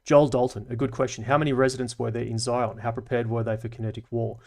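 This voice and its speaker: An Australian man hosts a casual livestream debrief in a mid-pitched voice. He reads out viewer comments and answers them at length, chatty and analytical, dropping dry asides and local slang as he goes. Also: flat delivery, quick pace. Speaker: livestream host.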